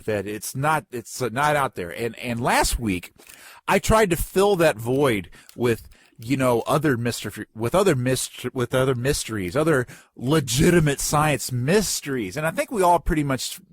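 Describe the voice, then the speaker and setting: A man with a slight lisp, an animated podcast co-host rambling and joking in casual chat. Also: mid-range voice, dry recording.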